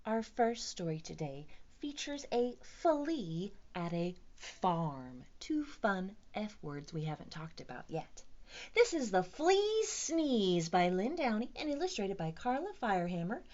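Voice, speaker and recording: A woman's voice: medium pitch, big pitch swings, unhurried, a little mellow, dull audio. A woman leading a virtual storytime for young children, talking in a sing-song, exaggerated, playful teacher voice. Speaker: children's librarian.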